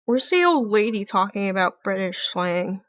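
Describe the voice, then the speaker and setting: A woman's voice: mid-range voice, very animated, normal speed, sharp tone, no room sound. A woman streaming, reacting to videos with casual commentary and joking, laughing asides.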